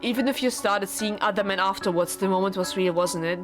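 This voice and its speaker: An earnest, formal young husband pleads with his wife in stiff old-fashioned phrases, as a woman reads him aloud. His voice sits at a middling pitch. Game music plays clearly beneath the visual novel dialogue. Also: a little fast, lightly acted. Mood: pleading.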